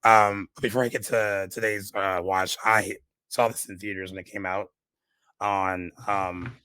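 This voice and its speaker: A man's voice: on the low side, flat delivery, unhurried, sharp tone, clean tone, no echo, low-quality recording. A man co-hosting a casual movie podcast, his voice a little shot, rambling with many fillers and restarts. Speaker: podcast co-host.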